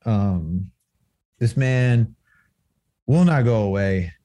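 A young man co-hosting a casual sports podcast, teasing and animated, filling his talk with 'like'. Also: fairly low pitch, extremely slow. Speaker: podcast co-host.

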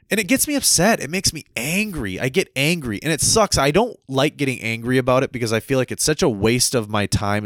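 A man's voice: medium pitch, no echo, clean studio sound. A man from the United States delivering a heated, ranting monologue, often tagging his points with "right?" and tripping over repeated words. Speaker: commentator.

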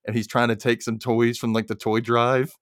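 A man's voice: medium pitch, normal speed, no room sound, studio quality. A man in casual chat, retelling a movie's plot and acting out the characters' lines. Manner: animated storyteller, acts out characters' lines.

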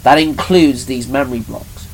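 A man voicing a calm, sarcastic male guardian of time who speaks sternly and dryly. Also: medium pitch, moderate pace, a little hiss or hum, natural voice, poor audio.

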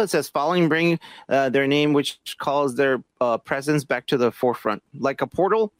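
A man co-hosting a casual podcast, laid-back, giving short replies and reading a passage aloud haltingly. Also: medium pitch, dry recording. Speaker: podcast co-host.

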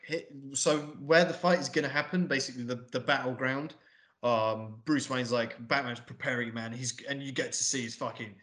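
A man with a bright, forceful, mid-range voice hosts a film review podcast. He chats casually, swearing a lot, wandering into rambling asides, and doing mocking impressions.

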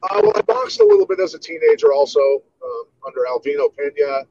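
A man in his fifties from Iowa, telling stories as an interview guest in a relaxed way, with many "you know"s. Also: a little high, fast, gravelly, no echo, muffled recording. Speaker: guest, martial artist. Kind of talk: casual interview storytelling.

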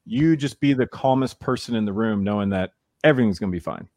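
Dry-voiced man telling lively anecdotes. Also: on the low side, fast talker, dry recording. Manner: animated storyteller who acts out quoted voices. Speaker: baseball player, interview guest. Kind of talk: casual interview chat.

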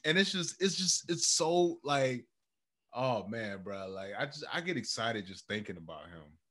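Animated young man on a podcast. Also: mid-range voice, unhurried. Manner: animated, drops into quoted voices. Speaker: podcast co-host. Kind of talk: casual chat.

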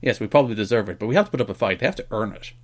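A man's voice: on the low side, expressive, very fast. A man co-hosting a wrestling podcast, trading dry, teasing jokes in casual banter. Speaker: podcast co-host.

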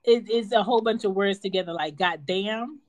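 A woman co-hosting a casual chat, talking in an animated, slangy way and quoting phrases. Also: mid-range voice, no echo. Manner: animated, slangy, jumps in with quick quotes. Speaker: podcast co-host.

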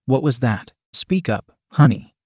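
A man's voice: medium pitch, lively intonation, measured pace, darkish tone, slightly rough, no echo, clean studio sound. A man voicing a dominant, teasing woman who coaxes and gives stern commands. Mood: coaxing. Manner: coaxing, then stern and commanding.

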